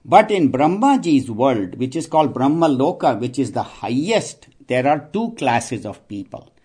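A man's voice: mid-range voice, big pitch swings, a little slow, darkish tone, breathy edge. A man, giving a scripture talk with jokes, chuckling and restarting as he tells stories. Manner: storytelling, chuckling, many restarts. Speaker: spiritual teacher.

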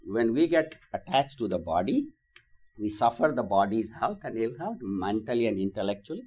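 A man teaching a spiritual class, gently telling stories with many fillers. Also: medium pitch, big pitch swings, moderate pace.

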